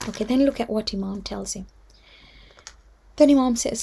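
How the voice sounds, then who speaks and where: A woman telling a devotional story to children, heartfelt and earnest. Her voice is mellow and warm and sits fairly high. She often sinks into a hushed whisper. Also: moderate pace, creaky, husky. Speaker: storyteller at a children's religious gathering.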